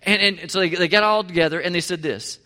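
With a high-pitched, bright and forceful voice, this pastor talks fast as he preaches a sermon in church. He keeps things conversational yet emphatic, often directing questions at the listeners, and the recording has a large hall's long reverb.

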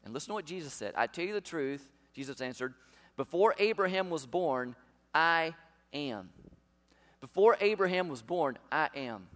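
A man's voice: on the high side, expressive, normal speed, a bit bright. A pastor preaching a sermon to his congregation, emphatic and full of rhetorical questions. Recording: long hall reverb.

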